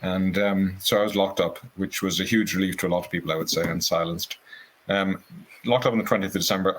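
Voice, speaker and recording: A man telling a personal story in a casual conversation, earnest and animated, slipping into quoted voices now and then. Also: low voice, rough recording.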